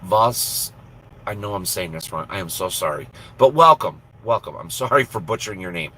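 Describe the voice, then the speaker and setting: A man's voice: deep voice, expressive, moderate pace, sharp tone, breathy edge, low-quality recording. A man who drives a truck, chatting on his live stream from the cab in a blunt, profane, self-mocking way and laughing easily. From Minnesota, USA. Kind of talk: casual live-stream chat.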